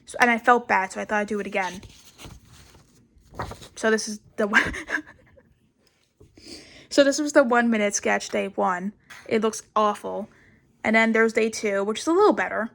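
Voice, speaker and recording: A woman's voice: fairly high pitch, fairly bright tone. A young woman giving a casual, rambling sketchbook tour, swearing a lot and mocking herself. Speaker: vlogger.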